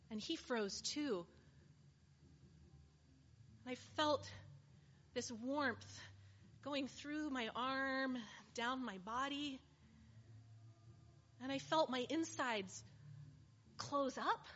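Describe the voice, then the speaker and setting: A weary woman made whole after years of suffering tells her own story in a dramatic monologue, played by a woman. Her voice sits a little high and moves at an unhurried, deliberate pace, earnest and heartfelt. The recording is slightly muffled, with a faint hiss behind it. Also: fairly bright tone, heavily acted. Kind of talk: first-person dramatic monologue.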